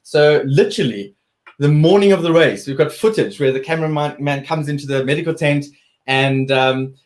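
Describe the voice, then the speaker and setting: A man's voice: on the high side, moderate pace. A man, a guest athlete telling his story earnestly in an interview, often restarting his sentences.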